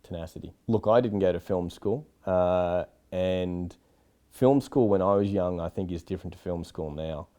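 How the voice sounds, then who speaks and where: A man's voice: low-pitched, normal speed, mellow. An Australian man, a film director, giving frank, rambling interview answers with many asides. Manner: rambling, frank, lots of "you know".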